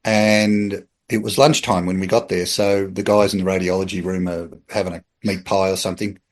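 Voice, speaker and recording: A middle-aged Australian man, a podcast guest, telling a story in an animated, chatty way and acting out the people in it. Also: deep voice, moderate pace. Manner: animated storyteller, acts out quoted voices, chuckles. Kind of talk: casual anecdotal storytelling.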